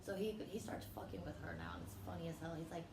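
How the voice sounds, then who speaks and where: A woman's voice: deep voice, big pitch swings, quick pace. A woman comedian telling a wild family story in casual chat, brash and profane, acting out the quotes. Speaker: comedian guest. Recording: echoey room with faint noise.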